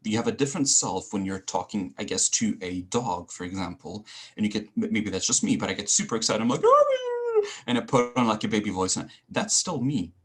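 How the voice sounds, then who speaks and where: A man who coaches public speaking, a guest in an interview, talking in an animated, ranting way with self-mocking humor. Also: lowish voice, fairly quick, husky. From Switzerland and Greece. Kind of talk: conversational interview.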